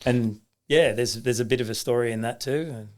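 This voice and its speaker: Middle-aged Australian man, guest storyteller, anecdotal, mid-pitched. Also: normal speed. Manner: anecdotal, acts out quoted voices, many restarts. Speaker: guest, rugby league coach. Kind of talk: storytelling in a casual interview.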